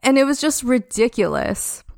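Young woman, podcast guest, rambling casual storyteller; smooth tone, dry sound. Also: medium pitch, takes it slowly, no echo. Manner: chatty, heavy use of "like".

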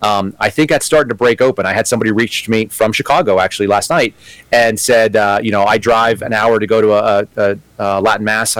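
A man's voice: mid-range voice, no room sound, poor audio. A man, a guest and former agent, talking earnestly in an interview and thinking aloud. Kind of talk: conversational interview.

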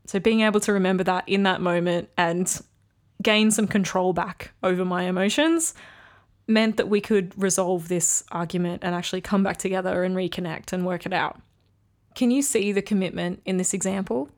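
A woman's voice: fairly low pitch, steady tone, normal speed. A woman hosting a solo podcast, talking candidly and reflectively about her relationship, with frequent ums. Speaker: podcast host. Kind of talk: casual solo podcast talk.

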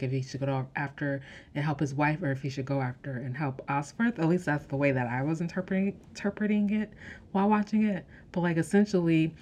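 A woman with a low-pitched voice talks through a season recap. She speaks casually, using lots of "like" and "um" fillers and breaking into quick exclamations. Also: a little mellow. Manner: chatty, many "like"s and "um"s, laughs and gasps. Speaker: show recapper.

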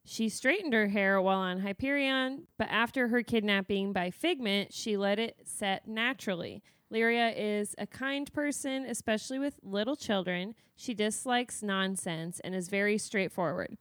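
A woman's voice: medium pitch, normal speed, hardly any pauses, a bit bright, no room sound, studio quality. A woman co-hosting a casual podcast, playful and laughing mid-sentence. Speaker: podcast co-host.

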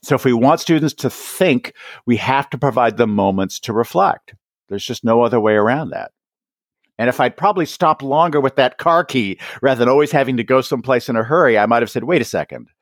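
A man as a guest on an education podcast, explaining his ideas and acting out quick exchanges between teachers and students. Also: medium pitch, no echo, studio quality. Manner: animated, acts out teachers and students in quick asides. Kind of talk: podcast interview.

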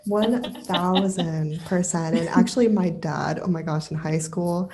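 Woman, podcast guest, casual chat, low pitch, mellow tone, dramatic storyteller. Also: measured pace. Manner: expressive, dramatic storytelling with laughs.

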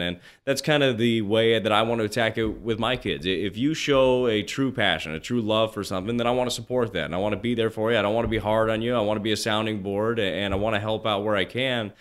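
A man in his forties telling stories as an interview guest, animated and full of restarts, often acting out what others said. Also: fairly low pitch, fast, few pauses, smooth. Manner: animated, acts out quoted voices, many restarts. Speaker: guest, former pro baseball pitcher. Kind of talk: casual interview storytelling.

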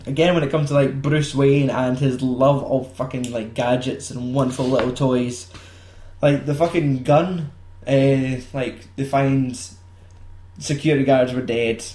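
A man's voice: medium pitch, fairly even intonation, measured pace, a little mellow, a little hiss or hum. Sweary man, roomy sound. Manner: sweary, laughing, acts out film lines in silly voices. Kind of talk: casual film chat. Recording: roomy echo.

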